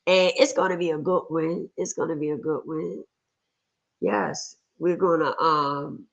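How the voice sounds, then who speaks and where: A woman hosting a casual livestream, hoarse and rough-voiced from a cold, greeting viewers in a lively, chatty way. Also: sits low, measured pace. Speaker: livestream host.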